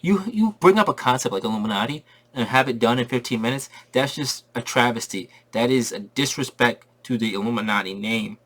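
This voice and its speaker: A man giving a casual spoiler review of a movie, excitable and slangy, repeating his points for emphasis. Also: medium pitch, fairly quick.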